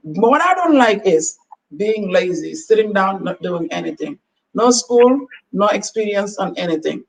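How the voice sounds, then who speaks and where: A woman's voice: medium pitch, expressive, normal speed, vocal fry. A woman giving earnest, preachy advice as a talk-show panel guest, acting out quoted exchanges. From Gambia. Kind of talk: motivational talk show chat. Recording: distant mic with faint background noise.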